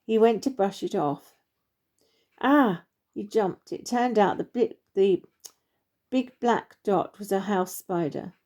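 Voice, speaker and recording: A woman narrating a children's story in a warm, expressive storytelling manner. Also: medium pitch, a little slow.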